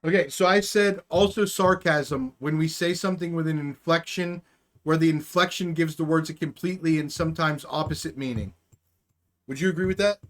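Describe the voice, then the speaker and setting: A man's voice: a little high, fairly quick. A man hosting a casual livestream talk show, joking crudely and hyping the next episodes. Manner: crude, joking, hyped sign-off. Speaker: podcast host.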